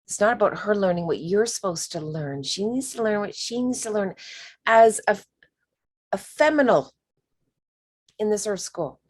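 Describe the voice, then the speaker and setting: A woman leading a spiritual workshop, talking slowly and emphatically and sometimes dropping to a whisper. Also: medium pitch, animated, darkish tone, slightly rough. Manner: slow, emphatic, drops to whispers. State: emotional. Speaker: workshop leader.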